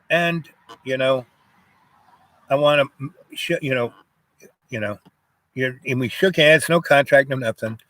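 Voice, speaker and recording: A man's voice: medium pitch, a little slow, long pauses, fairly bright tone, no room sound. An older man from Jamaica telling a rambling personal story, full of "you know" and "um" fillers.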